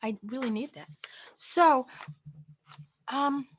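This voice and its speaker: A woman teaching a college communication class online from home, chatty and lively, acting out different tones of voice. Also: high voice, slow.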